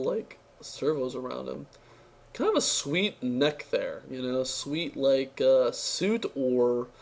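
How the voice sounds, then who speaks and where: This is a worn-out young man reviewing a card game aloud, his mid-range voice darkish and strained from talking. He's sarcastic and offhand, meandering through the review while stumbling on fillers and restarting often.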